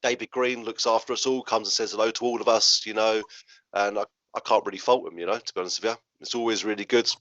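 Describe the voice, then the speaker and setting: A man's voice: fairly low pitch, steady tone, fast, a bit bright, no echo. A man hosting a casual interview, chatty and friendly, saying "mate" a lot. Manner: chatty, matey, lots of "mate". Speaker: host. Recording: dull lo-fi sound.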